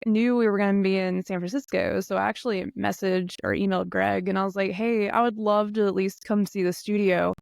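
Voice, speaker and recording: A woman's voice: mid-range voice, fairly even intonation, fairly quick, vocal fry, few pauses, a little mellow, dry recording, studio quality. A woman guest on a podcast, chatting casually and laughing often. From eastern United States. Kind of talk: casual chat.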